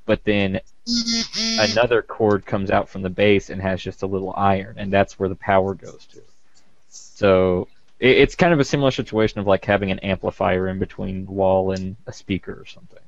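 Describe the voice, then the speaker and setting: A low-voiced man explaining equipment plainly and matter-of-factly in casual conversation. His sound is dull and muffled, like a cheap mic. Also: flat delivery, normal speed, creaky. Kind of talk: casual chat.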